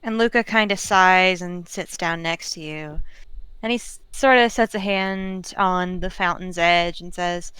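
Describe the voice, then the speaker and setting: Tabletop player, woman, slow relaxed narration, crisp and dry. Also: on the low side, dry recording, rough recording. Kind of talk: narrating a character's actions in a tabletop game.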